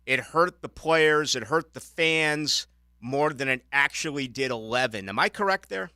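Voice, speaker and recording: A man hosting a sports radio show, interviewing a guest in a brisk, friendly way. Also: medium pitch, bright, forceful tone, clear, resonant tone, no echo. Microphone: studio microphone.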